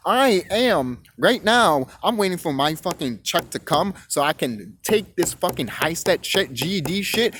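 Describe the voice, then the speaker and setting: Young male vlogger with a high, lively voice; profane, rambling rant. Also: a little hiss or hum. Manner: rambling, cursing, repeating himself.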